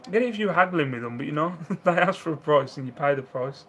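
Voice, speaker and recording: A man runs a relaxed home live stream selling used goods, reading comments from viewers, laughing often, and doing voices for people in his tales. He talks fast with few pauses, in a fairly high, fairly bright voice. The recording is rough, with slight background noise.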